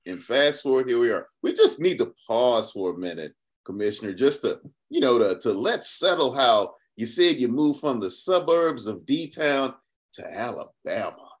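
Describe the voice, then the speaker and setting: A man hosting a podcast interview, talking in an expressive, reflective way with many restarts. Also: medium pitch, moderate pace. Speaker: podcast host. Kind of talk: conversational interview.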